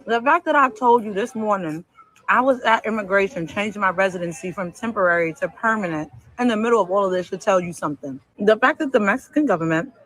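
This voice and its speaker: A woman's voice: mid-range voice, fairly bright tone, no room sound, low-quality recording. A woman teacher talking casually in a vlog while eating her lunch.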